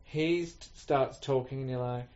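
A man's voice: mid-range voice, fairly even intonation, measured pace, darkish tone. A man chatting casually as co-host, rambling and acting out quoted voices. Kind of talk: casual chat. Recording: muffled lo-fi recording.

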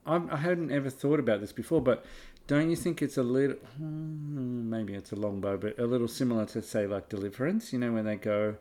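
Man, podcast co-host, mid-pitched, chatty, stammers a bit. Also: fairly quick, hardly any pauses, darkish tone. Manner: chatty, stammers, acts out quotes. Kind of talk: casual chat.

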